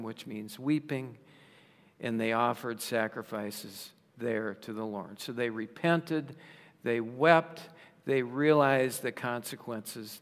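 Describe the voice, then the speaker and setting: Slow, emphatic man preaching in a hall. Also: medium pitch. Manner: slow, emphatic, rising for rhetorical questions. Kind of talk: sermon. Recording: long reverb of a large hall.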